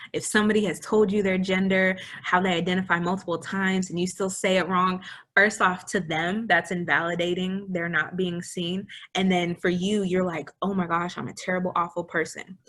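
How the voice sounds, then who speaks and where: A young woman co-hosting a casual educational discussion, lively and laughing, acting out little scenes as she explains. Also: fairly low pitch, normal speed. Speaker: co-host.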